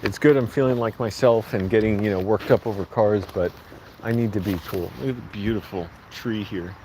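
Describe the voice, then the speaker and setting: A man with a lowish voice rambles to the camera as he strolls along outdoor streets. Passing traffic and street noise come through clearly behind him on this handheld walking vlog. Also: fairly quick, darkish tone, rough recording. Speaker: vlogger.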